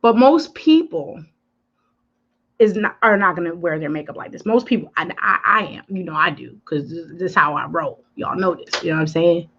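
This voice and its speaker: A chatty woman hosts a live makeup tutorial, talking straight to her viewers with an animated, emphatic manner. Her voice is bright and forceful. The livestream audio is dull and lo-fi. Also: lowish voice, fairly quick, hardly any pauses, slightly rough. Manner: chatty, addresses viewers directly, answers comments. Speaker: beauty influencer.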